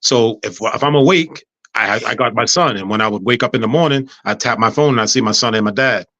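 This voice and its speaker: Male guest, storyteller, bright forceful voice, funny, dry and dull lo-fi recording. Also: mid-range voice, fairly quick, no echo. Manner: humorous, animated storyteller, acts out dialogue. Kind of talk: casual storytelling interview. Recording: dull lo-fi sound.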